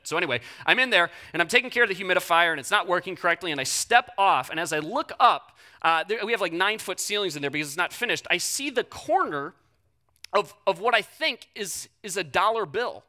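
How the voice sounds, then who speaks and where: A young man preaching, a pastor telling a personal story in a blunt, animated way. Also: on the high side, fast talker.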